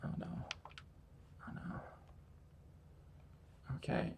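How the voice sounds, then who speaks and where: Drawing live, a male streamer narrates every step in loose, rambling chat, poking fun at his own mistakes in an easy, conversational way. He draws out his words, and there's noise in the background.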